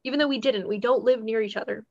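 A woman co-hosting a podcast, telling a story in a rambling, animated casual way and laughing as she goes. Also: on the high side, fast talker, dry recording, highs cut off. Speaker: podcast co-host.

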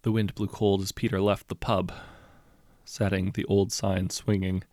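A man reading a short story aloud as narrator, in a measured, understated storytelling manner. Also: low voice, level tone, darkish tone, no echo, studio quality. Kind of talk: scripted audiobook narration.

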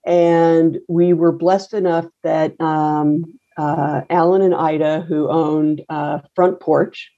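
A middle-aged woman with a low, gravelly voice talks through her story in a loose, wry manner, often pausing on fillers and restarting. Her tone is dark and mellow, and the recording sounds a bit dull and lo-fi. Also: level tone. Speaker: coffee roaster and business owner. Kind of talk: casual interview storytelling.

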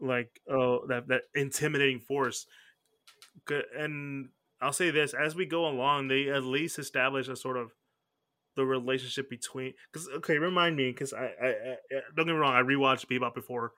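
A podcast host chats casually in a mid-range male voice with fairly even intonation, a moderate pace and a sharp tone. He rambles, corrects himself and keeps restarting his sentences.

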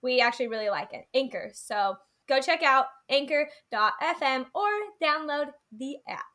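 A woman's voice: high-pitched, normal speed, bright, forceful tone. A young woman co-hosting a podcast, telling stories in casual chat, giggly and full of "like"s. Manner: giggly storytelling, many "like"s. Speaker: podcast co-host.

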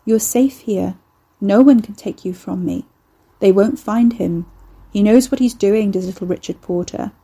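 Woman voicing a creaking, possessive house spirit. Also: medium pitch, unhurried, dark tone.

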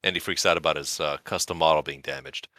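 A man with a low voice and a bright, crisp edge talks animatedly, swinging his pitch widely as he makes wry recommendations. He is co-hosting a casual chat podcast, and the sound is dry and close. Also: fairly even intonation, quick pace, no room sound. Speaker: podcast co-host.

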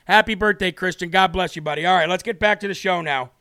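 A man's voice: high-pitched, fast, sharp tone, smooth, no echo, clean studio sound. A man hosting a live political talk show, brash and combative, with mocking asides to viewers. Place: home studio.

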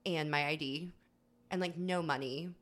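Lively American woman telling stories. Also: sits low, moderate pace. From United States. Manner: animated storytelling, acts out quoted voices. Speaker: podcast guest. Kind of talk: casual podcast chat.

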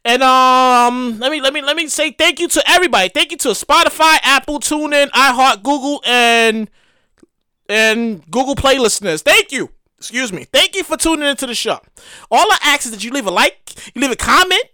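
A high-voiced woman hosts her solo comedy podcast, swooping all over her pitch as she rants. She swears freely and repeats lines for laughs. Her voice is crisp and dry, recorded close with no room sound. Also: moderate pace, no room sound. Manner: animated, profane, repeats phrases for comic effect. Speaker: podcast host.

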